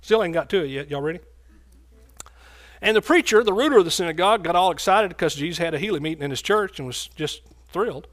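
Man, preacher, sermon, folksy, joking, somewhat high voice. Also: animated, fast talker, fairly bright tone.

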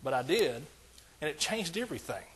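A man's voice: on the high side, big pitch swings, a little fast, fairly bright tone. An older man preaching a sermon as pastor, emphatic and repetitive in his cadence.

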